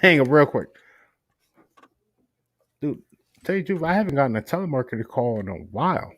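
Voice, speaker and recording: A man's voice: mid-range voice, very animated, fairly quick, fairly bright tone, dry recording. A man co-hosting a casual talk show, telling workplace stories in a laid-back, swearing way and acting out customers. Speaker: podcast co-host. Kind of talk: casual chat. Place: works at a gas station in New York City.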